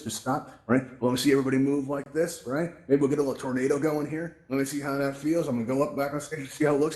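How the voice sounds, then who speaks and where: In a medium-pitched, somewhat mellow voice, a VR event host leads a live walkthrough of the controls for an audience in a virtual reality room. He keeps it chatty and frequently asks "right?" to check everyone's following.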